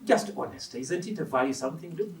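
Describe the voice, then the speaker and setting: Animated preacher man in an echoey hall. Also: on the high side, fast, creaky. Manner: animated, emphatic, asks the congregation questions. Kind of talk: sermon. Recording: echoey hall, mic from a distance.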